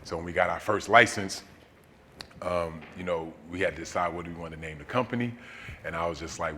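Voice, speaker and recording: A man with a very low, bright-edged voice telling a personal story at a seminar in an easy, folksy way, dotted with fillers. The sound carries long reverb from the hall, with faint noise underneath. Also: fairly quick. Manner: relaxed, folksy, many fillers. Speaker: interview guest, storyteller. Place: seminar hall in a large venue.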